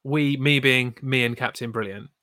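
A man telling a story on stream in a casual, animated way, with lots of swearing and mock outrage. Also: medium pitch, moderate pace, no echo, clean studio sound. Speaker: streamer co-host.

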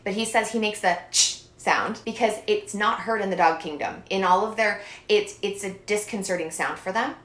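A woman in her thirties, a podcast guest talking in a lively, expressive way and often laughing. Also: medium pitch, normal speed, few pauses. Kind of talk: casual interview chat. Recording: roomy echo.

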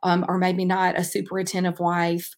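A woman hosts her own faith-minded podcast in a loose, casual monologue. Her voice sits a little low for a woman. She talks earnestly and rambles, leaning on frequent "um" fillers. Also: monotone, moderate pace. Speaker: podcast host and track coach.

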